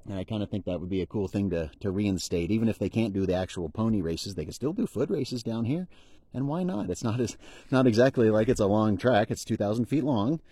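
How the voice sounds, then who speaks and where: A man's voice: on the low side, brisk, warm tone, slightly rough, dry recording. A middle-aged man chatting outdoors on a mountain trail as he films a hiking vlog, rambling and enthusiastic, laughing at himself. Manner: rambling, enthusiastic, self-deprecating. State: out of breath after sprinting. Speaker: hiker vlogger. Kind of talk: casual outdoor vlog narration.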